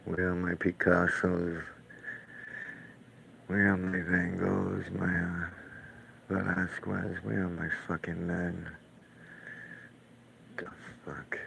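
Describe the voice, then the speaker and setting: A deep-voiced man with a rough, gravelly edge rambles through a profane, scornful rant. He talks as a painter reacting to clips, drifting from point to point with a faint hiss of noise behind him. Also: completely flat delivery, takes it slowly, long pauses, fairly bright tone, rough recording. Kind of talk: casual ranting commentary while watching clips.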